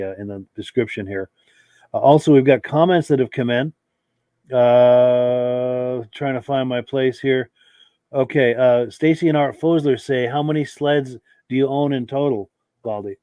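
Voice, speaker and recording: A man's voice: mid-range voice, fairly even intonation, moderate pace, warm tone, no room sound. Man, podcast host, casual and friendly, reads comments, dry close sound. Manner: easygoing, frequent filler words, thanks viewers. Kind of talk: live podcast chat, reading viewer comments.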